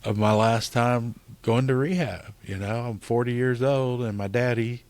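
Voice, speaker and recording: A man's voice: mid-range voice, normal speed, darkish tone, dry recording. A middle-aged man co-hosting a podcast, talking earnestly and casually about faith and recovery, with frequent "you know"s. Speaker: podcast co-host. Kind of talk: casual spiritual recovery talk.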